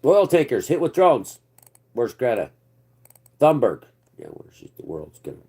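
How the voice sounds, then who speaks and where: A man's voice: medium pitch, sing-song, unhurried, warm tone, breathy edge. A man hosting his own political commentary channel, ranting off the cuff in a rambling, sarcastic and profane way.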